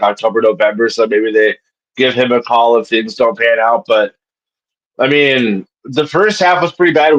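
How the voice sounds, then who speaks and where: A man co-hosting a football podcast, calmly going over what went wrong in a game. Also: mid-range voice, dull audio. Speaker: podcast co-host. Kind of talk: casual sports podcast chat.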